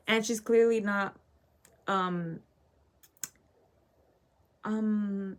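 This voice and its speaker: A woman's voice: mid-range voice, normal speed. Teen girl ranting through a storytime. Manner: ranting, filler-heavy, keeps asking "okay?". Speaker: vlogger. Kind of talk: casual storytime while getting ready.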